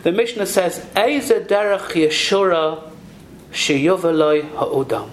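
A man's voice: high voice, slow, slight background noise, low-quality recording. A man giving a Torah sermon, teaching in a sing-song cadence, weaving in Hebrew and Yiddish phrases and posing rhetorical questions to his listeners. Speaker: rabbi giving a Torah talk.

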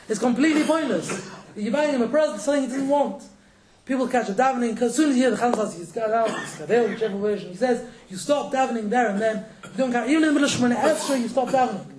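A man teaches a religious class at a brisk clip, with jokes and a chuckle between points. His voice sits unusually high. The room is echoey. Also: darkish tone. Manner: quick, joking, laughs between points. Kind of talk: casual Torah lesson.

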